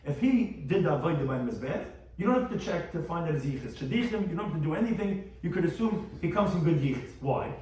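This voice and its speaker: Fast-talking rabbi in an echoey room. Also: male voice, a little high. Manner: translates each term, animated storytelling. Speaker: rabbi teaching Talmud. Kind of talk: daily Talmud lecture. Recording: very echoey room, mic far off.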